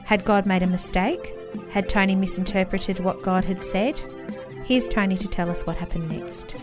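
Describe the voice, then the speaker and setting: A woman's voice: medium pitch, steady tone. Woman host over background music. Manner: clear, measured storytelling recap. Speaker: radio host. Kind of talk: scripted presenting.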